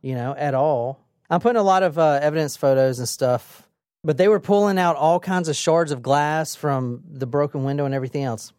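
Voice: medium pitch, fairly quick, clean tone, dry recording, studio quality. A podcast co-host retelling a true crime case in a casual, dramatic way, with frequent swearing. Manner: animated, profane, dramatic retelling.

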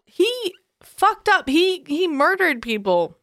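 This woman co-hosts a casual podcast in a somewhat high voice, earnest and hesitant, often restarting her sentences. She sounds close and dry on a studio mic. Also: expressive, moderate pace, a bit bright, no echo. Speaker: podcast co-host.

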